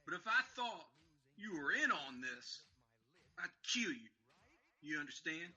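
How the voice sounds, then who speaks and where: A man's voice: a little high, big pitch swings, a little slow, pushed and bright, slightly rough, highs cut off, heavily acted. A man playing a drunk, weeping aging male vigilante who rambles and stammers in a fan audio drama. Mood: menacing. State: crying.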